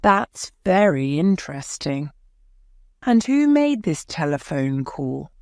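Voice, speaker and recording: A woman's voice: deep voice, very animated, takes it slowly, darkish tone, no room sound, clean studio sound, full character voice. A woman voicing a male defence lawyer who questions a witness firmly. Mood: probing. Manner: firm, probing questions.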